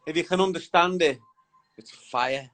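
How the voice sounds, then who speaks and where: A man's voice: a little high, moderate pace, fairly bright tone, rough recording. A young man hosting a casual live stream, bantering with viewers in a slangy, chatty way. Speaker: livestream host.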